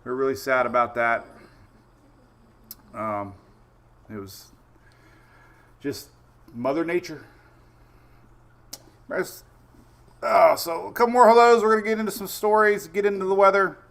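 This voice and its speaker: A man hosting a casual weather livestream, greeting viewers by name and telling stories in a chatty, relaxed way. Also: sits high, a little slow, gravelly, pauses often. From Florida Gulf Coast. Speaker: weather show host.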